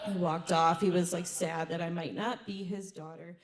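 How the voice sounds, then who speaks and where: A middle-aged woman performing a stand-up comedy set, chatty with quick asides and laughing at her own jokes. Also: medium pitch, a crowd in the background.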